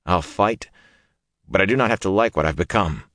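A man's voice: low-pitched, normal speed, a bit bright, dry recording, clean studio sound. A man voicing a wounded young male hero who talks in a drowsy, bitter way. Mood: resolved.

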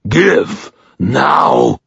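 A man voicing a hulking, greedy male troll in an audiobook, with a gravelly, rumbling voice, broken speech and slow, drawn-out bellowing. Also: huge pitch swings, fairly bright tone, no echo, dull audio, full character voice. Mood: menacing. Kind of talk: audiobook character voice.

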